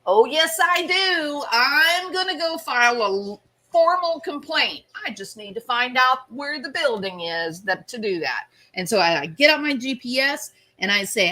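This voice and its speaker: A woman's voice: a little high, big pitch swings, moderate pace, sharp tone. A woman hosting her own channel, telling a story with self-mocking, theatrical humor. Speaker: channel host. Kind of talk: storytelling commentary.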